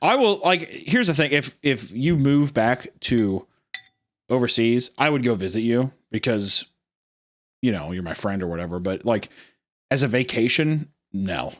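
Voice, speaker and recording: A man's voice: medium pitch, lively intonation, measured pace. A young man co-hosting a podcast, swearing a lot and joking loosely in casual banter. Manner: profane, jokey, does silly voices. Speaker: podcast co-host.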